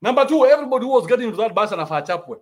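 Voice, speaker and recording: A Kenyan man rants on his podcast in a high voice that bounces all over the place. He mocks freely, swears often and slides between street slang and English. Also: rapid-fire. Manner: animated, mocking, swears freely, mixes Sheng with English. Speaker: podcast host. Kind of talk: ranting commentary.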